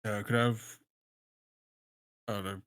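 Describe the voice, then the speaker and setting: A man's voice: on the low side, little pitch movement, a little slow, a bit bright, clear, resonant tone, no echo, clean studio sound. A man playing a character in a tabletop game, ordering food with easygoing, hesitant jokes. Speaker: player. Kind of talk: casual in-character banter.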